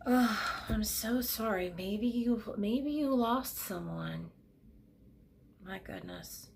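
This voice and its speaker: A middle-aged woman giving a pick-a-card tarot reading at her desk at home, speaking gently and emotionally, with soothing pauses. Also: fairly high pitch, gravelly, slight background noise.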